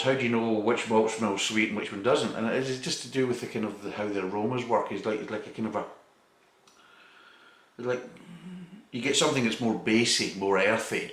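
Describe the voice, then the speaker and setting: A man's voice: lowish voice, fairly bright tone. A man chatting through a casual beer tasting review, rambling and swearing freely. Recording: echoey room.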